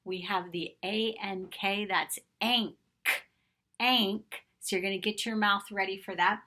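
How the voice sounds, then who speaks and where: A woman's voice: medium pitch, level tone, moderate pace, bright, forceful tone. A woman teaching a phonics lesson to young children, patiently sounding out letters and vowel sounds and praising them often. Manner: encouraging praise directed at children. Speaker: kindergarten teacher.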